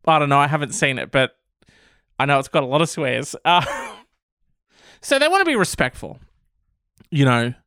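A man's voice: a little high, sing-song, normal speed, long pauses, sharp tone, smooth, no echo, clean studio sound. A man hosting casual commentary on odd news stories, sarcastic and swearing freely. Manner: sarcastic, swears, laughs often.

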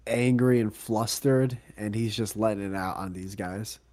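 A man co-hosting a casual podcast, excitable and laughing often, swearing freely. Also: on the low side, normal speed. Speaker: podcast co-host. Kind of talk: casual chat.

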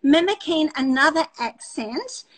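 An Australian woman hosting a casual chat, effusive and full of quick restarts. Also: high-pitched, animated, poor audio. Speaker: host.

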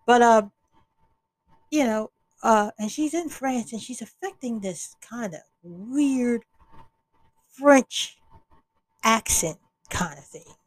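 A woman's voice: on the high side, expressive, takes it slowly, long pauses, no echo, poor audio. A woman hosting an opinion podcast, talking bluntly and with exasperation, often restarting her sentences. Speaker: podcast host.

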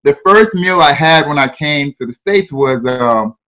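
A man's voice: fairly high pitch, animated, unhurried, bright, forceful tone. A man from Ghana with a Ghanaian accent, a guest telling his life story in an interview, laughing often and checking in with "right?" and "you know".

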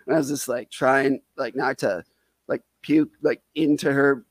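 A man's voice: medium pitch, fairly even intonation, unhurried, no room sound. Rambling man telling a comic story. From Wisconsin. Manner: rambling, heavy on "like" fillers, self-deprecating. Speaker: storyteller guest. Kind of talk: casual comedic storytelling.

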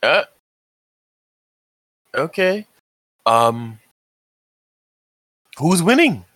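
A man speaking in character in a tabletop role-play game, stammering and repeating words, with lively jumps in pitch. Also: extremely slow, dry recording. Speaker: player.

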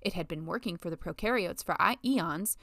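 A woman reading a novel as an audiobook narrator, in a measured storytelling manner. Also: lowish voice, expressive, fairly bright tone, no echo, studio quality. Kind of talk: scripted narration.

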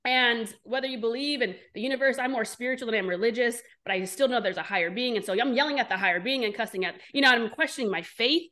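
A woman entrepreneur being interviewed, telling her story candidly and bluntly, animated and swearing freely. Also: on the high side, fast talker, hardly any pauses. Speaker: entrepreneur guest.

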